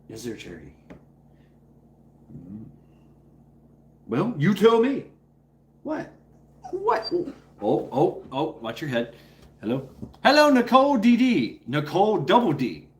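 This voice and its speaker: Lively, rambling man streaming live. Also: medium pitch, slow, long pauses, a little hiss or hum. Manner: rambling and playful, greets chatters by name; breaks into a playful coaxing voice with his dog. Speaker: livestream host. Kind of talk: casual live chat with viewers.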